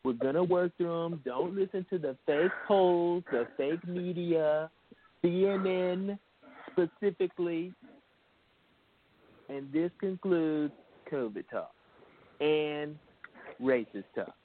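A man's voice: a little high, takes it slowly, pauses often, a little hiss or hum. A man on a radio show doing an impression of a boastful older male politician, piling on superlatives. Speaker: co-host. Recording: phone-like lo-fi line.

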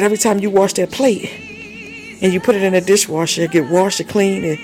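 A man's voice: sits high, darkish tone. A man preaching an emotional sermon, exhorting his listeners, laughing often and breaking into tongues between lines. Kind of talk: fiery sermon.

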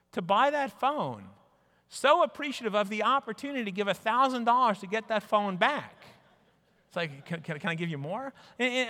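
A man giving an animated conference talk, telling stories and putting on mock voices for people he quotes. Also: high voice. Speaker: speaker. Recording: reverberant hall.

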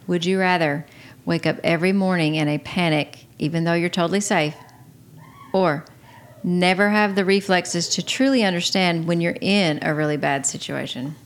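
A woman in her forties co-hosting a casual couples chat, talking softly and in a low-key way. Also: steady tone, normal speed. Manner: soft-spoken, low-key. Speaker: podcast co-host.

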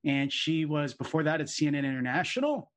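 A man's voice: fairly high pitch, sing-song, brisk. A man co-hosting a podcast in a casual, joking, chatty way, often laughing. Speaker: co-host, law professor. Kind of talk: casual chat.

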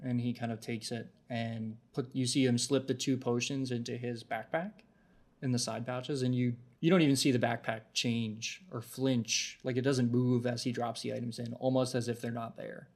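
A man's voice: medium pitch, level tone, moderate pace. A man narrating a tabletop game as game master, descriptive, often restarting his sentences.

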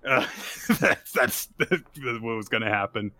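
A man co-hosting a casual podcast, retelling a manga chapter and acting out its characters' lines in quick voices. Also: mid-range voice, lively intonation, sharp tone. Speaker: podcast co-host. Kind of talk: casual manga recap chat.

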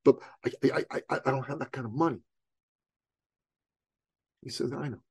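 A man's voice: mid-range voice, normal speed, darkish tone, slightly rough, no echo. Punchy middle-aged man telling a story. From Iran. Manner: emphatic, punchy rhetorical questions. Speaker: guest entrepreneur and coach. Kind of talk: personal storytelling in an interview.

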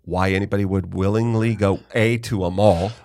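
A man's voice: sits low, steady tone, moderate pace, darkish tone. A middle-aged man hosting a podcast interview, telling a long story in casual chat and often stopping himself mid-sentence to correct or restart. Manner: rambling storyteller, self-interrupting. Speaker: podcast host.

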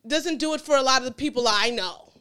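A woman comedian chatting casually on a podcast, telling animated stories, acting out quick voiced quotes and laughing often mid-sentence. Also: high voice, clear, resonant tone. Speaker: comedian guest.

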